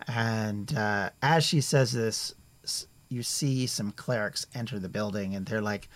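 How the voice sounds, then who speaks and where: A man narrating as game master in a tabletop game, relaxed with frequent fillers. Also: lowish voice, a little slow, no echo.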